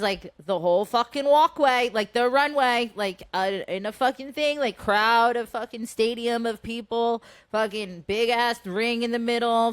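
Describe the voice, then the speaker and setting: A woman's voice: medium pitch, clean tone, no room sound. A woman in her thirties co-hosting a podcast, telling a story casually with heavy swearing and acting out the voices of the people in it. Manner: animated, heavy swearing, acts out quoted voices. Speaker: podcast co-host.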